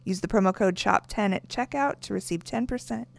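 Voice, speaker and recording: A woman co-host, hoarse from screaming the day before, reading a sponsor spot quickly. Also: medium pitch. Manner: playful, reads ads briskly. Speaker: podcast co-host. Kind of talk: casual banter and read sponsor spots.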